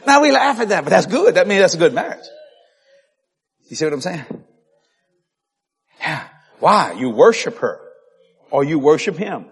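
A male preacher delivering a lively sermon, shouting and laughing, stretching out key words. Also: fairly high pitch, slightly rough. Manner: animated, shouting, laughing, drawn-out emphasis.

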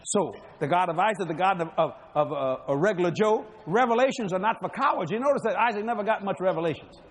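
High, lively-voiced joking preacher man. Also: fast talker, slight background noise. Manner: jokey, laughs between lines, folksy. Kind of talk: humorous sermon storytelling.

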